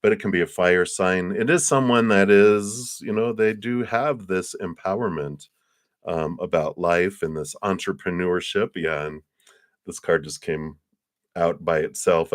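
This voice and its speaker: Man, very low voice, tarot reader, live stream, excitable, rambling. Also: moderate pace. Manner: excitable and chatty, many fillers.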